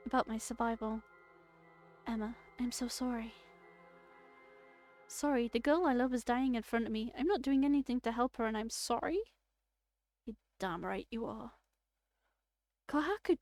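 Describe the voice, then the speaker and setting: A woman streaming, reading a story game aloud and reacting with jokes and loud outbursts. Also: a little high. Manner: animated, joking, bursts into loud outbursts and laughter.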